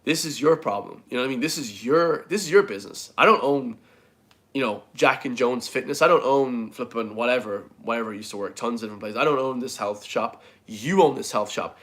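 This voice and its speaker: A man's voice: medium pitch, fairly quick, a bit bright. A man gives a casual motivational rant to his viewers. He is blunt and swears freely, and he keeps throwing in "guys" and "bro" as he talks. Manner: blunt, swears a lot, says "guys" constantly. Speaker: fitness vlogger.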